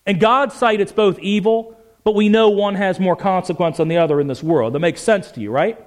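High-voiced, passionate male preacher. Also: brisk. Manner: passionate, emphatic, asks the audience questions. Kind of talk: sermon.

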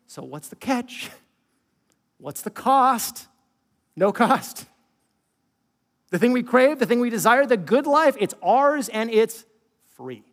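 High-pitched guy preaching, chatty sermon w/ lots of questions, long hall echo. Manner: conversational preaching with rhetorical questions and sudden quiet asides. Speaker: pastor.

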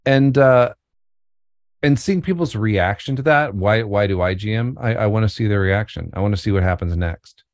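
A man with a very low voice chats on a podcast about being a game master. He jokes about himself and often restarts his sentences. His voice sounds close and dry, with no room around it. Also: normal speed, no echo. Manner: loose, joking, self-deprecating, many restarts. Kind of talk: casual podcast chat.

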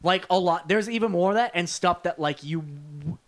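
Man, podcast co-host, casual chat, smooth clear voice, rambling with fillers. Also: high voice, brisk. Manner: rambling, self-correcting, many fillers.

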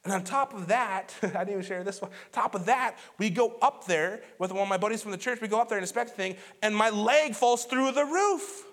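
Pastor, male, thirties, higher voice, chatty storytelling sermon that swings loud to hushed. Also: brisk, hardly any pauses.

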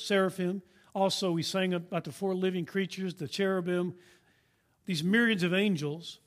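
A man's voice: sits high, fairly bright tone. A man preaching a sermon, emphatic and asking his listeners questions as he teaches. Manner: emphatic, asks the congregation questions. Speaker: pastor.

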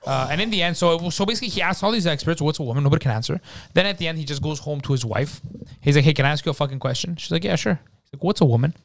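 A man co-hosting a podcast, retelling a story quickly in casual chat and acting out the people in it. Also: a little high, a little hiss or hum. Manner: rapid storytelling, acting out quoted people, frequent swearing. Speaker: podcast co-host.

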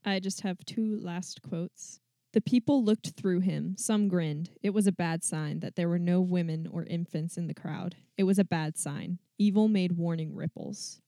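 A woman's voice: lowish voice, dark tone, dry recording, clean studio sound. A woman co-hosting a casual book podcast who laughs easily, agrees often and reads passages aloud. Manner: quick to laugh, lots of agreeing backchannel. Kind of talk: casual book discussion with read-aloud quotes.

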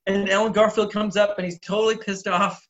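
A man's voice: sits high, level tone, brisk. A man co-hosting a podcast, casually and enthusiastically discussing a film scene. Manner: enthusiastic, acts out quotes. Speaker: podcast co-host. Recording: dull lo-fi audio.

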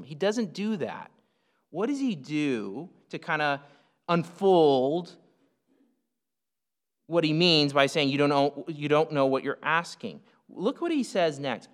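A man's voice: on the high side, very animated, measured pace, a bit bright. A man preaching a sermon from the United States in a casual, conversational way, with asides and fillers. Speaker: pastor. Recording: long hall reverb.

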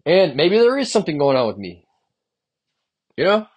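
A young man talks on his solo podcast in a stream-of-consciousness monologue, venting about his jobs in a rambling, profane, frustrated way. His voice is a little high with big pitch swings at normal speed, and the highs are cut off.

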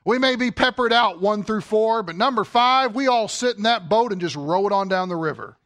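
High-voiced preacher asking rhetorical questions. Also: male voice, moderate pace, a bit bright. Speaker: pastor. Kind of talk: sermon.

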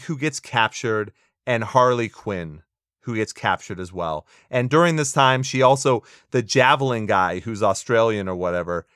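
A man's voice: mid-range voice, a bit bright, clear, resonant tone, no echo, studio quality. A man co-hosting a casual movie review podcast, opinionated and sarcastic, laughing often as he talks. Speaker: podcast co-host.

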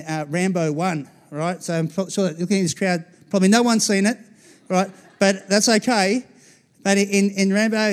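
High-voiced Australian man preaching. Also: a little mellow. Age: 40s. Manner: conversational preaching, checks in with the congregation. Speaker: pastor. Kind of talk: sermon.

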